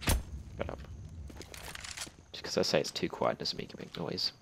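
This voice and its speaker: A young Australian man joking and swearing through casual gameplay commentary, with sudden loud outbursts. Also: moderate pace. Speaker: gaming channel host. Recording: loud game gunfire and noise behind.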